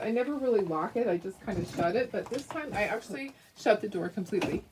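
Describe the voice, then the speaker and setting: Chatty, giggly woman craft host, bright higher voice with lots of ups and downs, a bit distant from the mic. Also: animated, fairly quick, hardly any pauses, a little hiss or hum. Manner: chatty and giggly, talks to viewers. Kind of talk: casual craft demonstration.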